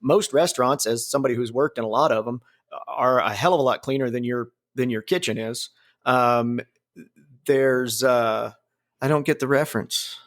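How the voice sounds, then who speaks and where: A man's voice: mid-range voice, steady tone, moderate pace. Podcast host guy rambling along, swears a lot, laughs at his own bits. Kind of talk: casual podcast chat.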